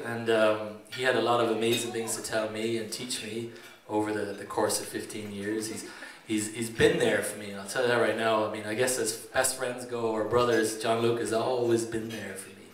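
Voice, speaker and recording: A man's voice: mid-range voice, fairly even intonation, moderate pace, fairly bright tone. A man in his thirties with an Irish accent, giving a rambling, joking best man's toast at a wedding reception and laughing often. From Ireland. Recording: roomy echo, distant mic, background noise.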